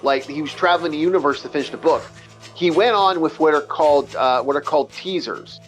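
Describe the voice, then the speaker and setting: Let's play host, man, higher voice, rambling and swearing, faint game music under him. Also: fairly quick. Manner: rambling, profane, stumbling restarts. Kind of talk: casual chat over gameplay.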